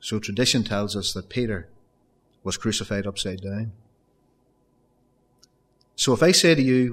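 A man's voice: fairly low pitch, measured pace, long pauses, a bit bright. A man preaching a sermon, earnest and building to emphatic raised peaks, often addressing his congregation as folks.

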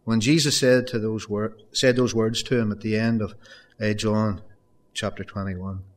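A man's voice: fairly low pitch, steady tone, normal speed. A man preaching a sermon, earnest and building to emphatic raised peaks, often addressing his congregation as folks.

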